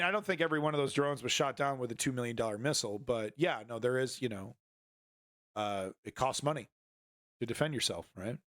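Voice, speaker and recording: A man's voice: medium pitch, fairly bright tone, dry recording, studio quality. A man streaming casual commentary on news footage, rambling with many fillers and restarts and a sardonic edge.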